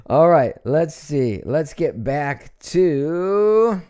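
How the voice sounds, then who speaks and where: A middle-aged man from Ohio hosting a casual live stream at home, chatty and animated, reading out viewer comments with frequent laughs. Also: fairly high pitch, very slow. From Ohio, USA.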